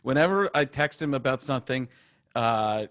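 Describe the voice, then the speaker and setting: A man hosting a casual chat over a video call, enthusiastic and quick to laugh. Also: mid-range voice, expressive, a bit bright. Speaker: host.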